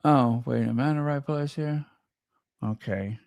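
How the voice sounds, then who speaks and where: A man's voice: medium pitch, a little slow, gravelly, darkish tone, no room sound. A man hosting a gossip channel, chatting casually and muttering to himself as he searches for something and stumbles over words. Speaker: royal gossip channel host. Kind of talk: casual chat.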